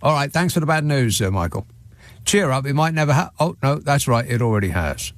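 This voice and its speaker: Brief: man, radio phone-in host, dry sardonic wit, animated intonation, dry studio sound. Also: medium pitch, fairly quick, no echo. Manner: sardonic, dry jokey asides. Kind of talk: late-night radio phone-in banter.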